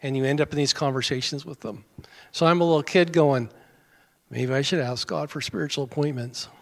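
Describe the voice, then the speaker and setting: A male pastor delivering a sermon in a relaxed, folksy manner, slipping in wry jokes at his own expense. His voice sits a little high for a man. The sound rings with the long reverb of a church sanctuary. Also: brisk, creaky. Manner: folksy, conversational, self-deprecating humor.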